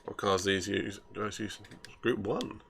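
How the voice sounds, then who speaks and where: A man's voice: on the low side, steady tone, measured pace, gravelly, fairly bright tone, a little hiss or hum. A man chatting casually while streaming a racing game, rambling and grumbling at himself with self-mocking asides.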